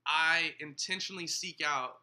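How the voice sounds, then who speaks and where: A young man, a pastor and co-host, explaining slang in an earnest, animated casual chat. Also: a little high, moderate pace.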